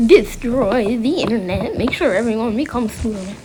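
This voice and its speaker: A woman's voice: on the high side, normal speed, a loud crowd. A woman improvising a playful fan dub over an animation, switching between silly character voices and whispered asides.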